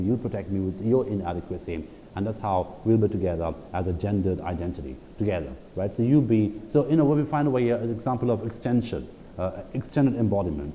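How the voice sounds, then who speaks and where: A man giving a recorded university lecture, reading quotes aloud slowly and checking in with "right?" between points. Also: on the low side, dark tone. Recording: hall reverb with faint background noise.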